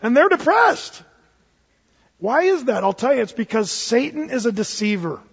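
A male pastor preaching a sermon as an animated storyteller, swinging between loud bursts and hushed asides, with joking asides. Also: very high-pitched, moderate pace, creaky, husky, in a large hall, highs cut off.

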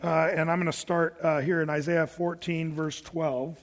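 High-voiced man preaching with long reverb. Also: level tone, normal speed. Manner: conversational, plain-spoken preaching with asides. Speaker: pastor. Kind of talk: Bible-teaching sermon.

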